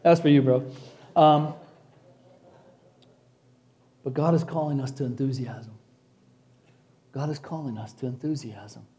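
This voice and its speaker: A man from Chicago preaching a sermon to his congregation, dropping to soft, hushed passages and rising to loud, exclaiming peaks. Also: mid-range voice, fairly even intonation, moderate pace. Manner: preacherly, addresses congregation as church. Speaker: pastor.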